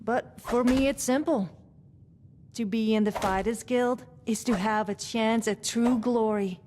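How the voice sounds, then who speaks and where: A woman's voice: on the high side, steady tone, unhurried, a little mellow, slight background noise, natural voice. A woman voicing a proud Nord archer. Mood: matter-of-fact. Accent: Nord-style Scandinavian-sounding. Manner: proud, matter-of-fact. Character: proud female archer, glory-seeking and practical. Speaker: game character.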